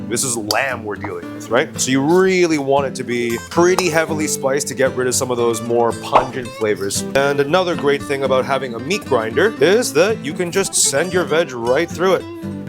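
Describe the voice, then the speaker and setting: A young man from China hosting a casual cooking demonstration, blunt, joking and often profane as he explains each step. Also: medium pitch. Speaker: chef and cooking video host. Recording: music playing underneath.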